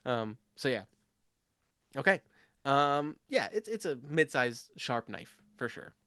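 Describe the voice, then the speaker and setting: A man running a tabletop game as game master, talking with many ums and quick asides. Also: mid-range voice, very animated, a bit bright, smooth, no echo, studio quality. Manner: rambling, lots of ums and asides.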